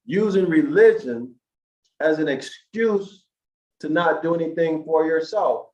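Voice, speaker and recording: Slow, emphatic man lecturing in an echoey room. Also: fairly high pitch, lively intonation. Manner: preachy, slow and emphatic, asks the listeners questions. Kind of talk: lecture to an online audience. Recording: echoey room, dull lo-fi sound.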